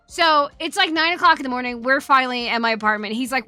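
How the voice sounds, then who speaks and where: A woman's voice: high-pitched, fairly even intonation, very fast, hardly any pauses, pushed and bright, soft background music. A woman streamer telling a story in casual chat, talking freely, swearing often and laughing as she goes.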